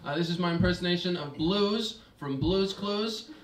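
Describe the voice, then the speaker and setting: A young man doing a stand-up set, halting with lots of fillers and restarts. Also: high voice. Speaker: stand-up comedian. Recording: roomy, distant mic, hissy noise.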